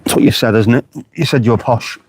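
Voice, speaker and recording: A husky, mid-range male voice, moving a little fast, talks casually to live-stream viewers from a beachside spot. He swears freely and responds to comments while traffic passes and faint street noise hums in the background.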